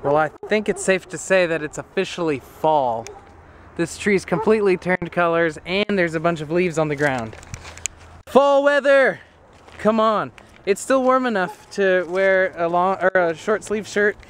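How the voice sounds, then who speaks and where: A man's voice: high-pitched, moderate pace, slight background noise. A young man, a college student, vlogging casually and chatting with light laughs. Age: young adult. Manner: chatty, laughs between remarks. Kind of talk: casual vlog.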